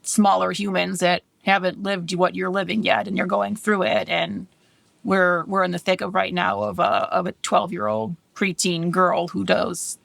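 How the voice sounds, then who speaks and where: A woman's voice: lowish voice, fairly even intonation, moderate pace, creaky, a bit bright, dry recording. A woman in her thirties co-hosting a casual podcast chat, candid and chatty, laughing often. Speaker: podcast co-host.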